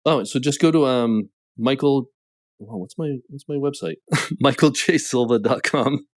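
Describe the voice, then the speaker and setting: A man with a New England accent, talking as a podcast guest and business coach in a casual, animated way, full of "like" fillers. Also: medium pitch, a little slow. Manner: animated storytelling, many "like" fillers. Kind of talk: casual conversation.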